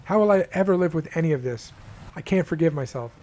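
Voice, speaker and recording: A man's voice: on the high side, lively intonation, fast talker, a little mellow, close to an everyday voice. A man reading aloud the lines of a frightened, remorseful sixteen-year-old boy from a game, stammering and restarting as he goes. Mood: despairing.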